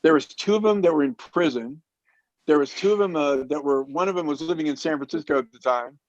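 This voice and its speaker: Animated man telling a story, dry and muffled. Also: a little high, a little fast, dry recording. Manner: animated storyteller who acts out quotes. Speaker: roundtable guest. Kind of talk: casual storytelling. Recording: dull muffled dry sound.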